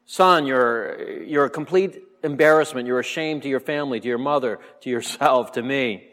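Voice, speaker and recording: A man's voice: medium pitch, normal speed, fairly bright tone, voice pushed up, natural voice. A man voicing a furious older king who berates his grown son, repeating his insults with rising force, in a long hall reverb. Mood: angry scolding.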